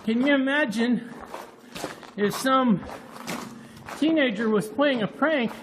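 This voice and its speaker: A man's voice: very high-pitched, slow pace. A middle-aged man out of breath, chatting and thinking aloud on a phone while running through a long tunnel. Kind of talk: casual walking commentary. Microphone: phone held while running. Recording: noisy phone recording.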